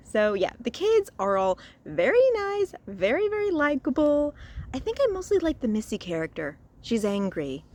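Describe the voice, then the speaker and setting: A woman from Louisiana giving a casual spoken review, chatty and expressive, recorded outdoors. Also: high-pitched, measured pace. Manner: chatty and expressive, with frequent laughs and sighs. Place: outdoors in a cemetery.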